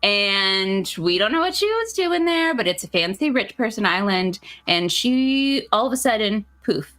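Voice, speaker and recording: A woman chatting on a gaming stream, giggly and rambling as she recaps the plot. Her pitch sits in the middle for a woman, and her talk is loose and playful. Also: big pitch swings, measured pace, fairly bright tone. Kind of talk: casual chat recapping a game.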